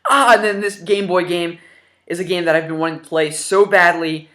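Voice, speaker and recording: This is a young man in his twenties talking straight to his viewers about games he has picked up. His voice sits a little high with a bright, forward edge. He rambles happily and fills the gaps with ums and half-started words. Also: fairly even intonation, normal speed. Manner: enthusiastic and rambling, with many fillers. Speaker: gaming YouTuber showing his new games. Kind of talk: casual vlog.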